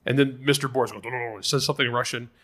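A man hosting a podcast, telling a story in lively, casual conversation. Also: mid-range voice, rapid-fire. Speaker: podcast host.

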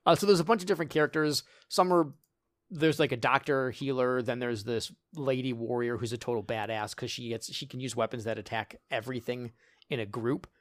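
A man's voice: mid-range voice, steady tone, brisk, no echo, clean studio sound. A man co-hosting a casual podcast, telling stories animatedly, acting out lines of dialogue and laughing often. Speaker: podcast co-host. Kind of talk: casual chat.

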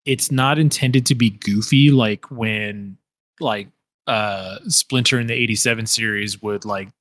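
A man's voice: lowish voice, steady tone, a little slow, fairly bright tone, dry recording, studio quality. A man co-hosting a casual podcast chat, rambling with frequent restarts and fillers. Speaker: podcast co-host.

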